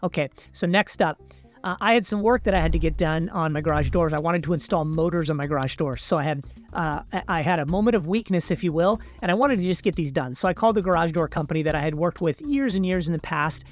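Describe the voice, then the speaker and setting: A man's voice: a little high, fast, soft background music. A man hosting a video, casually telling a personal story with fillers and asides to the viewers. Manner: chatty, animated retelling with fillers, addresses viewers as people. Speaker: video host.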